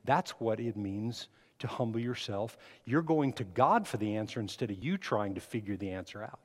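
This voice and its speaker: A man's voice: on the low side, expressive, normal speed, hardly any pauses. A man preaching a sermon, asking the congregation questions and building emphasis as he speaks. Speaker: pastor. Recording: long hall reverb.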